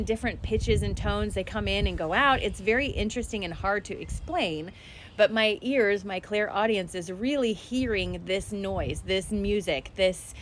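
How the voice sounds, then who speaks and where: A woman's voice: mid-range voice, slight background noise. A woman talking casually to her viewers in a spiritual energy update, chatty and direct.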